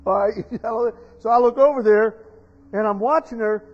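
Storytelling male pastor with a high voice; dull recording. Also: normal speed. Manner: storytelling, rising to loud emotional preaching. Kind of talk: sermon. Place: church sanctuary. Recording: dull sound in a reverberant church hall.

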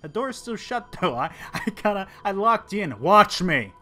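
A man hosting a let's play, rambling through excitable, sarcastic gameplay commentary. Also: high-pitched, normal speed. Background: faint game music.

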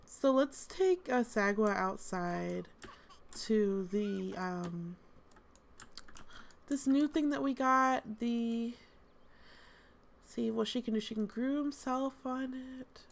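A woman's voice: a little high, slow pace, creaky, pauses often. A woman host giving casual, amused gameplay commentary, chatty with lots of fillers. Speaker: gaming channel host.

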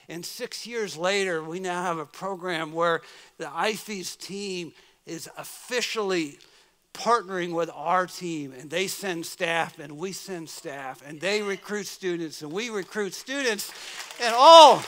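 A middle-aged American man giving a sermon as guest preacher, telling a story and swinging from soft murmurs to loud exclamations. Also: high voice, unhurried. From United States. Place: church.

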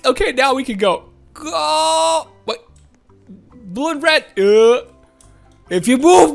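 A woman hosting a gaming channel, giving excitable, playful let's-play commentary with frequent laughs and shouts. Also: high voice, takes it slowly, gravelly, faint music behind.

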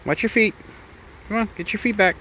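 Speaking a little fast in a mid-range voice, a parrot sanctuary caretaker chats to the birds in an outdoor aviary under trees. It's casual, cooing, sing-song baby talk, with background noise present.

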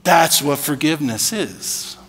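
Bright high-voiced male preacher. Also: expressive, measured pace, husky, big-room sound. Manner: conversational preaching with rhetorical questions. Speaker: pastor. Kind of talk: sermon. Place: church sanctuary.

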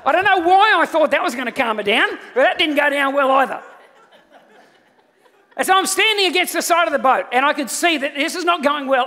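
A middle-aged man, preaching a sermon and telling a funny personal story, animated and often laughing. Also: very high-pitched, a little fast. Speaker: pastor. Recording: long hall reverb from auditorium.

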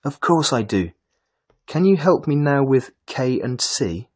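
A man voicing an eager, excitable talking carrot in a children's storybook, exclaiming his lines. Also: mid-range voice, unhurried, voice pushed up.

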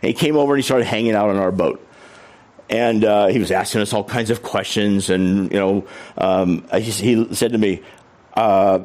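A man's voice: fairly low pitch, a little fast, a little mellow. A middle-aged man telling a humorous personal story to an audience and acting out the quoted voices. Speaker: author and speaker.

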